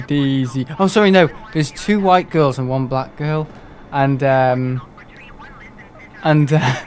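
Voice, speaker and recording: A man's voice: mid-range voice, a little hiss or hum. A young man, chatting casually and rambling through a live gaming stream, laughing often and poking fun at himself.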